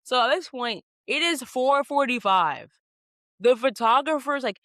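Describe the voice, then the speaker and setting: Young woman, podcast host, casual storytelling, animated, lots of fillers, dry close sound. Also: high-pitched, measured pace, no echo. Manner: animated, many "like" fillers, acts out quotes.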